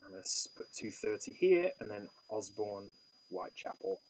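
A man hosting a solo detective board game play-through, reading the case aloud and thinking out loud with stammering restarts. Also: fairly low pitch, sing-song, moderate pace, poor audio.

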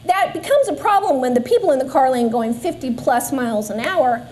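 A Sunday school speaker in her forties, originally from Southern California, shares her personal faith testimony with a church group in a church classroom. Her voice is high, brisk and animated with a darkish tone, and she's earnest while tossing in self-deprecating asides.

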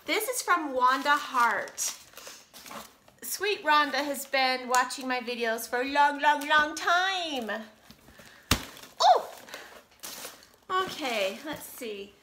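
A woman vlogger with a high, bright voice, chatting slowly and gushing with emotion as she opens fan mail. She sounds close to tears, in an echoey room. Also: animated, a little hiss or hum. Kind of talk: casual chat.

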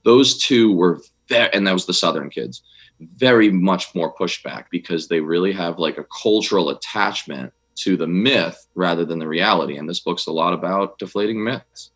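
A man with a very low voice speaks as an interview guest. He talks quickly and excitably, often breaking off and restarting his sentences. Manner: rapid, excitable, with frequent restarts. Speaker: guest author, former army officer and history teacher. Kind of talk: conversational interview answer.

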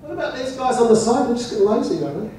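A man's voice: very high-pitched, expressive, racing, a crowd in the background, noisy background. A man with an Australian accent giving a joking talk to a live audience at a club meeting, leading chants. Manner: jokey, leads audience chants. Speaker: presenter at an expats club meeting. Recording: echoey hall, mic from far off.

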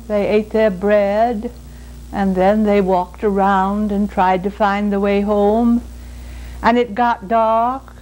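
A woman storyteller telling a folk tale in an unhurried, lilting way with dramatic pauses. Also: mid-range voice, a little mellow, poor audio.

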